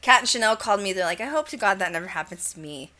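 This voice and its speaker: Bright-voiced chatty woman podcast host. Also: mid-range voice, very fast. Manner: chatty, animated storytelling with frequent fillers and laughs. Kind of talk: casual chat.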